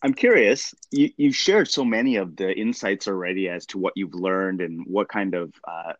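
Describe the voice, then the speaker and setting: Deep-voiced man hosting an interview. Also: normal speed, no echo, lo-fi sound. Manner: soft affirming interjections. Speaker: podcast host. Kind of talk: casual interview.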